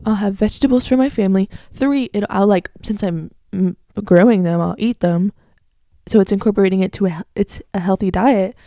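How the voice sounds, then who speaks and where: A woman's voice: medium pitch, dark tone, dry recording, studio quality. A young woman in her late teens with an American accent, hosting a casual solo podcast chat, rambling with lots of "like"s and fixing herself as she goes, strongly opinionated. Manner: chatty and rambling, with many "like"s and self-corrections. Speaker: podcast host.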